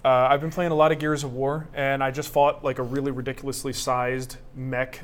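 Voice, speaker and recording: A man's voice: medium pitch, little pitch movement, brisk. A middle-aged man co-hosting a woodworking live show, chatty, joking and self-mocking. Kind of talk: casual live-stream banter.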